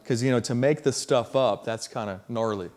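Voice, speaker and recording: A man preaching a sermon, telling a story in a casual, slangy way that builds to loud emphasis. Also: mid-range voice, moderate pace.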